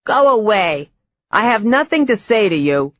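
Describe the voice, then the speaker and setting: A woman's voice: medium pitch, big pitch swings, a little slow, dry recording, muffled recording, voice pushed up. A narrator voicing a suspicious old woman in her seventies with a cackling voice and a Boston accent, in an audiobook. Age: 70s. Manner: curt, suspicious, dismissive. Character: cackling wary old woman behind a door. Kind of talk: audiobook character voice.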